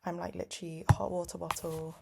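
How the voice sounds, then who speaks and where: A young woman talks to camera in a loose, rambling vlog, full of fillers and restarts. Her voice sits slightly low and has a gravelly, fry-laden edge. At times she sinks into a soft whisper, as if keeping quiet at home. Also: level tone, fast, over loud music. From United Kingdom. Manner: chatty, rambling, often drops to a whisper; many "like" fillers, self-interrupting. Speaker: vlogger. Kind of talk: casual vlog chat.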